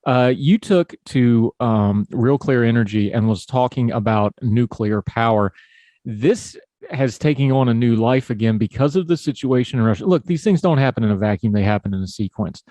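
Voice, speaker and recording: A man with a Southern US hillbilly accent hosts a podcast, chatting about politics in a folksy, conversational style. His voice sits in the mid-range and sounds mellow, moving at normal speed with no room sound.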